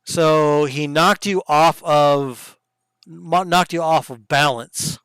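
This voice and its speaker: A man narrates a tabletop game as its game master, describing each blow and roll in lively detail. His voice sits a little high and comes through smooth and clear. The sound is close and dry, with no room echo. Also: slow. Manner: lively descriptive narration with sudden hushed asides.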